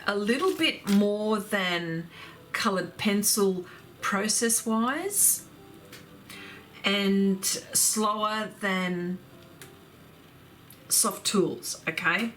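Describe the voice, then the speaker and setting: A woman, hosting an art livestream in casual chat, effusive and quick to laugh while reading viewer comments aloud. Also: medium pitch, fairly bright tone, soft background music.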